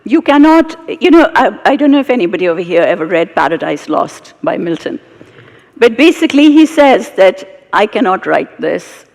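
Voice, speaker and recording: Gravelly British woman telling stories on stage. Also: medium pitch, brisk. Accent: British English. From Britain, of Indian heritage. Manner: animated, expressive storytelling with asides. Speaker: storyteller and guest speaker. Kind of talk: live onstage storytelling conversation. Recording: reverberant live hall.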